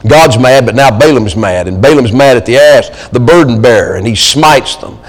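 A man preaching a sermon, swinging between loud pleading and hushed, intimate asides. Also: medium pitch, lively intonation, normal speed, big-room sound, low-quality recording. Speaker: pastor. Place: church sanctuary.

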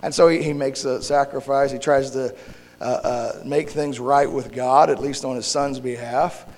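Gravelly, hoarse man preaching a sermon. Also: mid-range voice, steady tone, darkish tone. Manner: halting, searching for words with restarts. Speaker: pastor. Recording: long hall reverb.

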